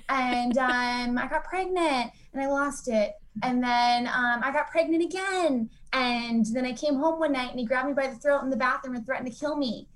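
Woman, frank personal storyteller, chatty with lots of fillers, slightly high voice. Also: moderate pace. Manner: frank and conversational, with many fillers; acts out quoted people with lively voices. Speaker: speaker sharing a recovery story.

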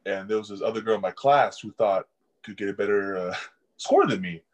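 A young adult man, who plays football in college, tells casual stories during an interview and laughs a lot. He speaks briskly in a voice on the low side, and the audio is poor.

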